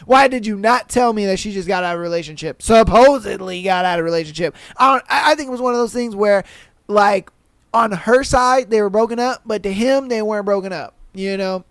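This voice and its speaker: High-voiced animated man telling stories. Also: moderate pace, clear, resonant tone, no room sound, clean studio sound. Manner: animated, swearing, laughing, slangy. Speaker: podcast host. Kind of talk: casual storytelling and reading listener posts.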